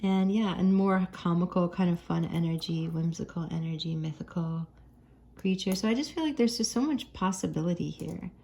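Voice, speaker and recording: Mellow-voiced American woman reading tarot. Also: on the low side, normal speed. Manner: chatty and gentle, laughs often. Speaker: tarot card reader. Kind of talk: casual tarot reading to viewers.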